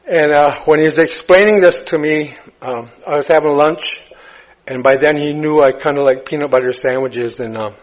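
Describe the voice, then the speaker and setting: A man speaking at a recovery meeting, telling his story in a halting way, full of fillers and restarts. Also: on the high side. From United States. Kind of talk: personal recovery story told to a crowd. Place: retreat meeting hall. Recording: dull lo-fi talk recording.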